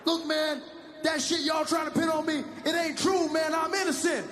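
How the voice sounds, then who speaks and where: A streetwise suspect, barricaded in and refusing to come out, yells every line in a strained, very high voice, as a man acts him out on stage. He clings to blunt slang and won't give an inch. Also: little pitch movement, normal speed, soft background music. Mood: defiant. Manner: shouting, defiant slang. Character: cornered male suspect barricaded, defiant, streetwise. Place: large live comedy venue.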